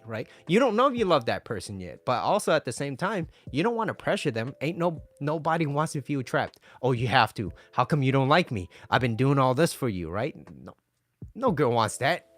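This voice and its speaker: A man talking casually to his viewers, giving dating advice in a chatty style and often asking "right?". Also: mid-range voice.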